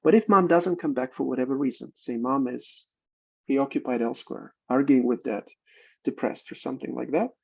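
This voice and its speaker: A man's voice: fairly high pitch, gravelly, darkish tone, breathy edge. A man giving a seminar lecture as a clinical psychologist, explaining with everyday examples and checking in with "right?". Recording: muffled lo-fi recording.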